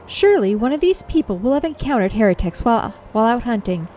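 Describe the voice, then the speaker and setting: Lady reading an earnest young scholar guy, polite and proper, kinda high. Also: very animated, quick pace, mellow, a little hiss or hum. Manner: polite formal speech.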